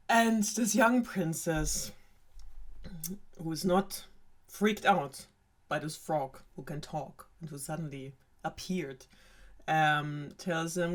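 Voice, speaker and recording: A woman's voice: sits low, slow, long pauses. Young German woman, sarcastic, rambling, fairy tale retelling, lots of fillers. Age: young adult. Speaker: storyteller.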